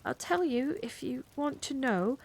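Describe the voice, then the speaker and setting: An anxious, polite young girl, earnest and pleading, her voice lifted well above the reader's own, as a woman puts her on. Her lines come soft yet urgent, read as a cozy bedtime story. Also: sits high, lively intonation, unhurried, creaky, pitched above the performer's own voice, exaggerated voice.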